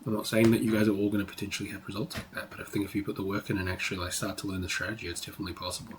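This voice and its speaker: A man's voice: on the low side, little pitch movement, racing, noisy background. A man teaching trading on a live stream, talking casually, swearing freely and saying "like" a lot. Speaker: trading educator.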